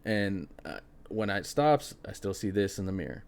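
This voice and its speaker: Young man, casual spooky storytelling, animated, lower voice, lots of fillers. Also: normal speed, gravelly. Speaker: podcast host.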